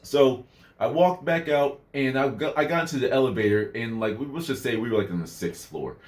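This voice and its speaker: A man's voice: mid-range voice, fairly quick, a little mellow. A young man casually telling a personal story in a rambling way, full of fillers and asides. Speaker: vlogger.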